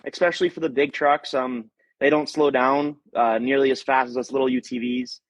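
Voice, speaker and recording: A man's voice: mid-range voice, steady tone, fairly quick, no room sound. A man, an off-road racer, chatting as a guest in a laid-back, modest way with lots of fillers. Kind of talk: casual interview chat. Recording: dull lo-fi call audio.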